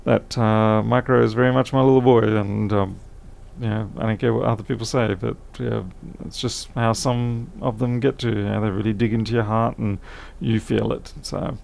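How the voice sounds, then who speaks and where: A man's voice: lowish voice, fairly even intonation, normal speed, few pauses, darkish tone. A tired man chatting casually on a live stream, thinking aloud as he repairs a laptop, his voice fading. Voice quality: gravelly.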